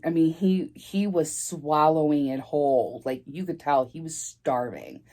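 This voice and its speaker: A middle-aged woman vlogger telling a story in a halting, rambling way, near tears. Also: deep voice, darkish tone. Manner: rambling, halting, emotional, restarts often. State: tearful, near crying. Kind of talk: casual storytime vlog.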